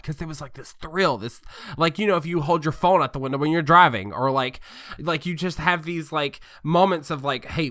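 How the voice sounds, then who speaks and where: A man's voice: on the high side, bright, forceful tone. A man co-hosting a comedy podcast, telling rambling stories full of fillers in casual chat. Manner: rambling, filler-heavy storytelling. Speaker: podcast co-host.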